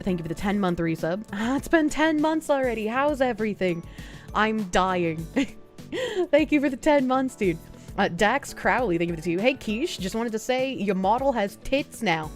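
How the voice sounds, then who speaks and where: A woman livestreamer chatting casually and reading viewer messages aloud with frequent thanks, feeling sick with nausea and hiccups, often laughing. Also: mid-range voice.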